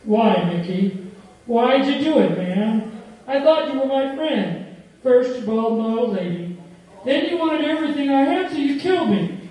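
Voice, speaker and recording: A woman's voice: high-pitched, animated, moderate pace, warm tone. A woman voicing the angry ghost of a murdered man, spilling out resentful accusations. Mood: bitter accusing. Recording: very echoey room, voice far from mic.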